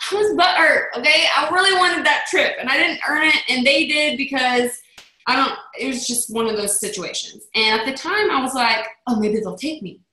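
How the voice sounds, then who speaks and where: A woman's voice: high voice, sharp tone, echoey room, poor audio. A woman leading a motivational team call in a chatty manner, acting out the voices she quotes. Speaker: network marketing team leader.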